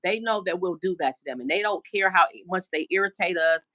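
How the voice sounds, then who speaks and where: A middle-aged American woman talks on a casual live stream from home in a low, deep voice. She rambles chattily and slips into the voices of the people she quotes. Her phone picks up a dry, close sound with no room echo. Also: brisk, bright, forceful tone. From United States. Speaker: livestream host. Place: at home indoors.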